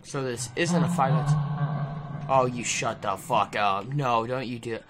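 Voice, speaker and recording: A woman's voice: rumbling low, a little slow, very noisy. A young adult woman giving let's play commentary, frustrated and exclaiming often. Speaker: gaming video host.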